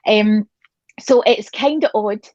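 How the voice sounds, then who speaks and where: A woman's voice: mid-range voice, takes it slowly, a little mellow, a little hiss or hum. A woman with a Scottish accent hosting a talk show, chatting casually and laughing often, recorded on her phone in a small pod. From Scotland. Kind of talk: casual chat. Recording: dull lo-fi phone audio.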